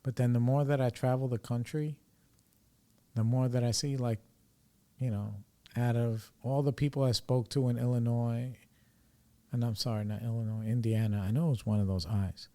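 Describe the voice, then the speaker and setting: A man's voice: mid-range voice, steady tone, moderate pace, dark tone. Rambling New York man, casual and profane. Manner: rambling, loose and profane, full of "you know" and "like". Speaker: recovery podcast host.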